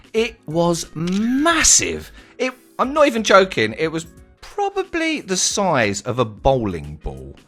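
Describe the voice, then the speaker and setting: A man telling a casual, slangy story from his travels on his vlog. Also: medium pitch. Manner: animated, slangy, swearing storyteller.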